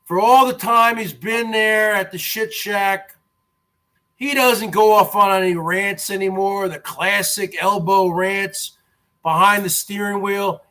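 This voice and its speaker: A man's voice: high voice, fairly even intonation, takes it slowly, bright, forceful tone. A man in his forties, vlogging from home in a rambling, mocking rant, tacking "man" onto his lines. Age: 40s. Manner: repetitive, drawls "man" at line ends. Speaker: vlogger host.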